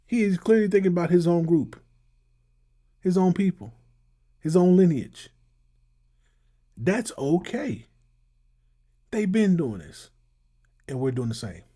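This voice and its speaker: A man's voice: high-pitched, expressive, takes it slowly, pauses often, mellow. A man hosting his own channel, giving emphatic casual commentary and reacting to clips. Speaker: channel host.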